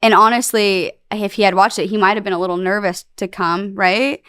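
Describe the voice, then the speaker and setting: Candid young woman, smooth dry voice. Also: mid-range voice, steady tone, fairly quick, fairly bright tone, no room sound. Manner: emotional, rambling, full of fillers. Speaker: podcast guest. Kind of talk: candid interview talk.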